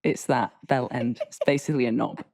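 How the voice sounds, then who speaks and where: A woman's voice: a bass voice, fairly even intonation, brisk, darkish tone, no echo, studio quality. A woman with a Derby accent co-hosting a podcast, chatting casually and explaining slang with easy laughs. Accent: Derby English. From England. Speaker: podcast co-host. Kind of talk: casual chat.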